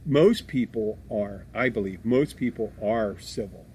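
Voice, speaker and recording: A man's voice: lowish voice, a little slow, darkish tone, slight background noise. A man from Philadelphia hosting a casual podcast chat, blunt and abrasive, swearing freely and restarting his sentences as he rambles. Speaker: podcast host.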